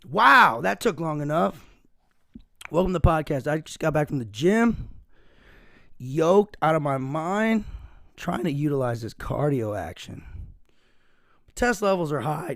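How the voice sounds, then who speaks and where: A man with a hoarse, raspy voice hosting a casual solo podcast, rambling and self-mocking and saying "dude" a lot. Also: on the high side, a bit bright, no room sound, studio quality. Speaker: podcast host.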